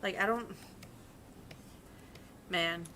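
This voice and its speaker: Young woman streamer, bright forceful tone, casual profane storytelling at her desk mic, faint hiss behind. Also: fairly low pitch, drawn-out words. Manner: chatty, profane, storytelling with quoted voices. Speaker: vtuber streamer and bank teller. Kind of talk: casual chat while drawing.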